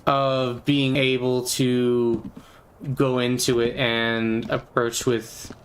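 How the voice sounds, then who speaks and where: A man's voice: little pitch movement, very slow, poor audio. A man streaming while chatting casually, rambling and playful with lots of fillers. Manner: rambling and playful, many fillers, bursts into squeaky silly voices. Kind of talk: casual gaming stream chat.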